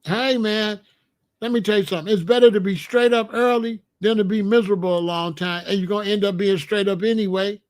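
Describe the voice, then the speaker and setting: A man's voice: sits high, fairly even intonation, a little fast. A man hosting a casual talk show and giving blunt, joking advice on marriage, acting out little scenes as he goes. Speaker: host.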